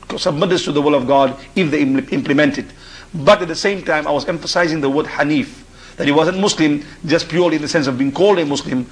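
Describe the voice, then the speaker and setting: Man from Africa, talk-show guest, husky and somewhat high-pitched, halting and repetitive delivery. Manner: halting, repeats and restarts phrases. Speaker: panel guest. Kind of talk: discussion on a radio call-in show.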